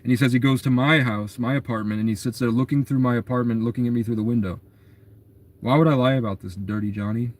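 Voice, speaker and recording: A young man talks in a loose, rambling monologue at a mid-range pitch. His telling is agitated and keeps running on from one thought to the next. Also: fairly even intonation, fast talker, a little mellow. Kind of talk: casual storytelling monologue.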